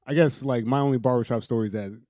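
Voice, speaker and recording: Laid-back man with a mellow voice. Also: mid-range voice, fast, dry recording, studio quality. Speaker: podcast co-host. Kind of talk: casual chat.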